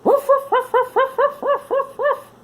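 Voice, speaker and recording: A woman imitating a playful, happy male puppy in a children's story, with high yappy barks. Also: fairly even intonation, a little slow.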